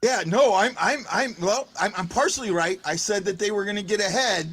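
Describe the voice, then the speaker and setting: A man hosting a live fan show, excitable and given to shouting and chanting. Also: high-pitched, brisk, a little hiss or hum. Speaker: host of a fan livestream show.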